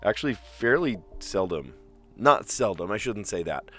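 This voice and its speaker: Deep-voiced man thinking aloud. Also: moderate pace, soft background music. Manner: relaxed, thinking aloud with fillers and restarts. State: slight cough, clearing throat. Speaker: puzzle game streamer. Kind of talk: casual live-stream chat while solving puzzles.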